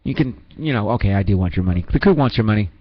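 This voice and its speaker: A man's voice: fairly low pitch, lively intonation, rapid-fire, no echo, highs cut off. A man hosting a radio show in a rambling, self-mocking comedic manner, full of restarts and asides. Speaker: radio host.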